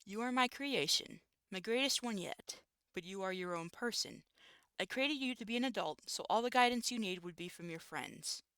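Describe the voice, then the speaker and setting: A streamer voicing a motherly creator lady in a visual novel, tearful and weighed down by guilt. The voice is bright and clear, recorded close and dry. The delivery is soft and shaky, sometimes dropping to a hush. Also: medium pitch, expressive, moderate pace, no echo, pitched above the performer's own voice. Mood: tender. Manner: soft, shaky, at times hushed. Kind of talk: reading a visual novel aloud.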